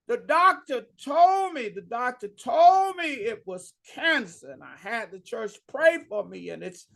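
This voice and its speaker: A distressed churchgoer, as a preacher puts him on, cries out in a high, strained voice. The words come slowly and are drawn out, rough and gravelly at the edges. He pleads and protests, indignant, as part of a sermon. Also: a bit bright, full character voice. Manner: pleading, rising, exasperated.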